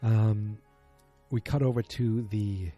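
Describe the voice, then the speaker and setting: A man with a husky, very dark and mellow voice talks through a TV episode as a podcast host. He rambles casually, stops to correct himself and fills gaps with ums. Faint music sits behind him. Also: on the low side, steady tone, slow pace. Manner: rambling, filler-heavy, self-correcting. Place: at home beside a muted streaming screen.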